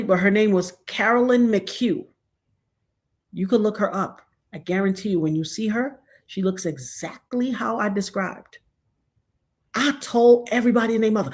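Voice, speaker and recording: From home, a woman in her forties tells a personal story on her vlog in a mid-range voice. The telling is full of big emotional shifts, ranging from quiet hushes to excited shouts.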